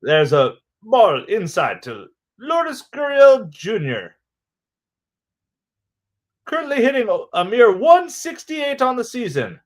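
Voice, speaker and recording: A high, lively old-time 1940s radio baseball announcer, as a man puts him on. He calls the play slowly and theatrically, stretching every phrase. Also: full character voice. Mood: announcing. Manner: slow, drawn-out, theatrical delivery.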